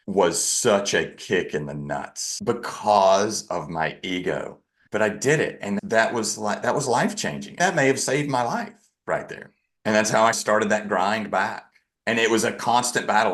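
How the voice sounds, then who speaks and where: Very deep-voiced man telling his story. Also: fairly bright tone. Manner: candid, self-deprecating. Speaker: podcast guest. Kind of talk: personal storytelling in conversation.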